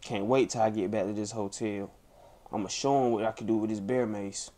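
A man's voice: fairly low pitch, fairly even intonation, a little fast, warm tone, close to an everyday voice. A man acting out an angry young man who storms off for bear spray, groaning and sighing theatrically. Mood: mock fuming. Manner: fuming, theatrical sighs and groans.

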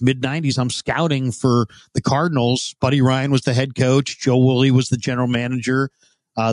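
A man's voice: mid-range voice, no echo. A man in his fifties, a guest in an interview, telling long casual anecdotes and acting out what others said. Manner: rambling anecdotes, acts out quoted dialogue. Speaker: interview guest, former radio host.

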